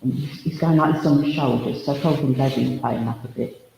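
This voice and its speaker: A man's voice: medium pitch, steady tone, brisk, vocal fry, dark tone. A man working as a spiritualist medium, giving a chatty, humorous demonstration at a service in a village hall. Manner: chatty and humorous, full of asides and anecdotes. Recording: echoey hall reverb, faint noise.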